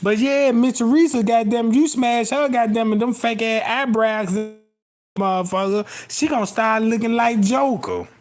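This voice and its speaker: A man's voice: extremely high pitch, normal speed. A young man telling a crude, rambling comic story, laughing at his own jokes and constantly checking whether the listener follows him. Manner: profane, rambling, keeps asking "you know what I'm talking about".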